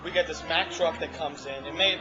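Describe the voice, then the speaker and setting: A man's voice: fairly high pitch, fairly quick. A man telling his own story in informal conversation at a restaurant, rambling with frequent restarts. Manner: rambling, with restarts and emotional retellings. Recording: dull lo-fi audio with music behind.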